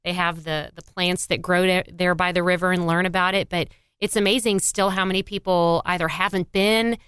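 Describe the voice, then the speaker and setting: A woman's voice: fairly low pitch, steady tone, a little fast, fairly bright tone, clean tone, no room sound, clean studio sound. A woman in her fifties from Missouri, a former mayor and shop owner, chatting proudly and steadily as a podcast guest. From Missouri, USA. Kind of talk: casual podcast chat.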